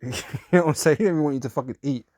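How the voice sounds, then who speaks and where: A man's voice: a little high, rapid-fire, darkish tone, no room sound, clean studio sound. A man, teaching scripture in a casual, profane, repetitive way. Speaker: street preacher.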